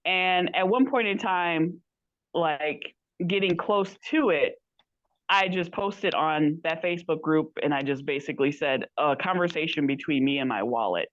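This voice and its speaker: A podcast guest, she tells a rambling story in casual chat and dramatizes the quoted lines of others. Her deep voice moves at a measured pace, and the recording sounds muffled.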